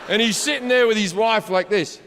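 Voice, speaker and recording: A man doing profane, animated stand-up storytelling, shouting his punchlines on a large theater stage. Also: sits high, fairly quick, gravelly, noisy background. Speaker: stand-up comedian. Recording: live hall reverb, faint crowd ambience.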